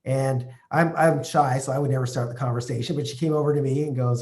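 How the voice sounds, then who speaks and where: A real estate investor from Canada, telling a personal story to camera in a halting way, full of fillers and restarts. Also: male voice, medium pitch, steady tone, a little mellow.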